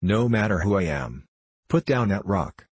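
A man reading the lines of a brave, principled teenage boy in an audiobook, with a calm, firm manner. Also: lowish voice, measured pace, slightly rough, no echo.

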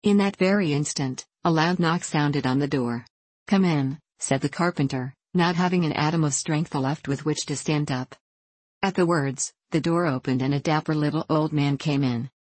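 A woman reads a children's storybook aloud in a low, steady voice. The recording is dry and close. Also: moderate pace, dry recording. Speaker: audiobook narrator. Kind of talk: storybook reading.

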